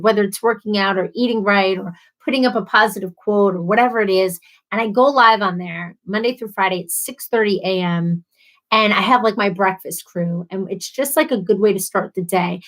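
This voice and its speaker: A woman's voice: medium pitch, a bit bright, rough recording. A woman hosting a casual livestream, reading viewer comments aloud and chatting in a bubbly, chatty way. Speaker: livestream host.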